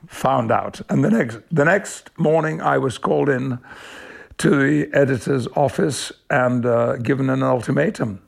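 Gravelly older actor. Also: male voice, mid-range voice, moderate pace. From Yorkshire, England. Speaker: actor, interview guest. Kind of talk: reflective storytelling.

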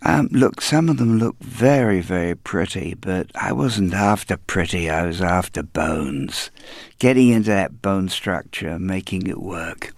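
An older man from London with a trained English accent, a hairdresser telling stories in an unhurried, anecdotal way during an interview. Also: sits low, expressive, dry recording. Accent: English, elocution-trained. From London, England. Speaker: hairdresser guest. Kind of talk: relaxed interview storytelling.

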